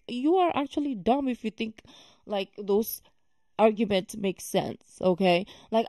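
A woman's voice: a little high, dark tone, dry recording, clean studio sound. A woman hosting a reaction video, talking casually and emphatically with many fillers and exasperated remarks.

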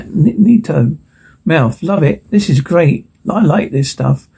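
Here a man reads a film transcript cold, at a measured pace, in a voice on the high side that is gravelly and warm with a breathy edge. Every character and stage direction gets the same delivery, and he stumbles and restarts along the way.

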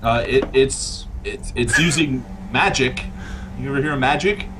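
A man's voice: mid-range voice, measured pace, background noise. A man playing a tabletop game in casual chat, hesitant and stammering, often breaking into laughter. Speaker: player. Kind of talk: tabletop role-play chat.

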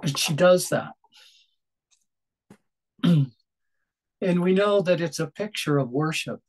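Gentle, reflective male preacher. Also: fairly high pitch, rough recording. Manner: gentle, reflective, with frequent pauses and restarts. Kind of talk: sermon.

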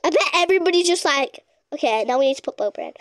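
A woman giving casual, excitable gameplay commentary as a gaming YouTuber, gushing with exclamations. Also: high voice, rapid-fire, dry recording, studio quality.

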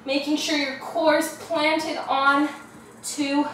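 A woman's voice: high voice, flat delivery, slow, fairly bright tone, slight background noise. Breathless woman counting workout reps. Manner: counting reps aloud, swearing and groaning with effort. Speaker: fitness vlogger. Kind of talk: follow-along workout instruction. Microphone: camera at a distance. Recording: echoey room, camera far off, music behind.

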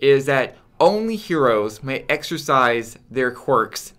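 Wry, mid-pitched man co-hosting a chat. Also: big pitch swings, slow, a bit bright. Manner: wry, quotes lines in mock voices. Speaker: podcast co-host. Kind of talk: casual chat.

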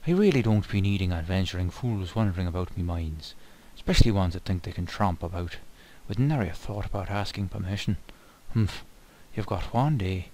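A man voicing a grumpy male Irish mine owner, gruff and threatening. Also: low voice, lively intonation, fairly quick, few pauses, a little mellow, poor audio. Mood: grumbling.

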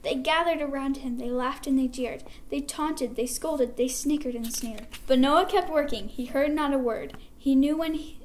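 High-voiced woman reading a rhymed story. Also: slight background noise. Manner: lively, expressive, rhythmic. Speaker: storyteller at church. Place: church service.

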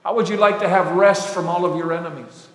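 A man preaches in a high voice, telling stories with swings between loud emphasis and hushed, quiet asides. His words ring out in a large hall with a long, echoing reverb. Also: fairly even intonation, fairly quick. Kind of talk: sermon.

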